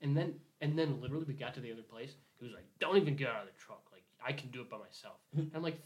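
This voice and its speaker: In casual conversation, a young adult man speaks at medium pitch, racing along with few pauses. He tells a rambling work story, swearing freely and acting out what everyone said.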